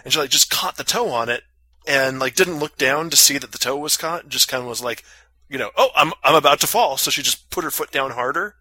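Rambling man telling a story, bright tone. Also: mid-range voice, brisk, slightly rough, no echo. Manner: rambling, lots of fillers, crude jokes. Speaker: podcast co-host. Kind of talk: casual storytelling chat.

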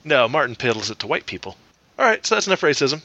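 Guy doing crude banter on a comedy podcast, bright tone, dry mic. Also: medium pitch, big pitch swings, fast, no room sound. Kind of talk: casual comedic chat.

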